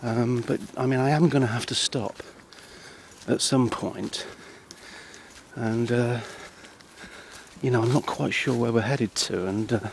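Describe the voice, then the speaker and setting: A man speaking outdoors on a countryside path in a hesitant, halting, dry deadpan ramble full of ums and restarts. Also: medium pitch, gravelly, a little hiss or hum, low-quality recording. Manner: dry, self-deprecating. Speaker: comedy vlogger.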